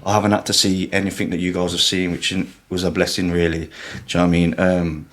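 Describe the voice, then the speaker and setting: A man's voice: deep voice, flat delivery, fast talker, a bit bright. A young man talking casually on a podcast, rambling and swearing, with lots of fillers. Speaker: podcast guest. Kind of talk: emotional casual chat.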